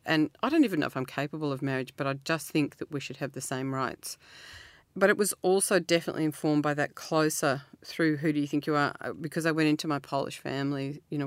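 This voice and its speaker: A middle-aged woman, talking earnestly as an interview guest, laughing often and jumping up in pitch. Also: smooth, dry recording. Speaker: author guest. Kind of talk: reflective interview talk.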